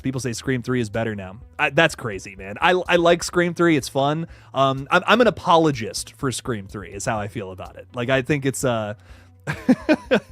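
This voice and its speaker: A man's voice: medium pitch, fairly bright tone, no echo. A young man hosting a casual horror news livestream who swears freely, laughs often and reads chat aloud.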